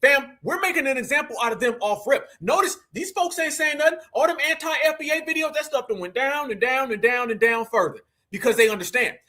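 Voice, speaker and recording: A man's voice: very high-pitched, fairly quick, few pauses, pushed and bright. A man from the United States hosting a livestream, talking emphatically and repetitively and preaching straight to his audience. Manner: emphatic and repetitive, calls listeners "fam"; preachy, addresses the audience directly. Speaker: livestream host. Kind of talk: livestream commentary.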